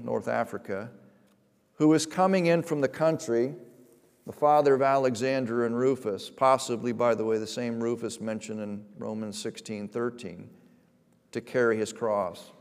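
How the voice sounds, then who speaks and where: A man preaching a sermon as a pastor, emphatic, rising to loud, slowed stresses and dropping to quiet asides. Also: medium pitch, clear, resonant tone. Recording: long reverb of a large hall.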